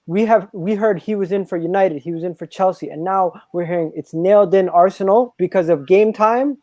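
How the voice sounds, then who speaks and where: Man, stream guest, excited, restarts sentences, mellow tone, dry sound. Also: high voice, brisk, dry recording, rough recording. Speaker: guest on a fan show. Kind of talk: casual fan stream chat.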